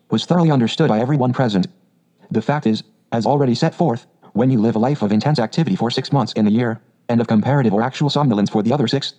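A man reading a storybook aloud as narrator, in a measured, gentle storytelling manner. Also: medium pitch, muffled recording.

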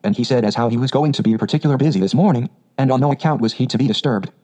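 A man's voice: mid-range voice, very fast, mellow, lo-fi sound, lightly acted. A man voicing a respectful young hedgehog boy who talks in humble country speech. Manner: humble, rustic grammar.

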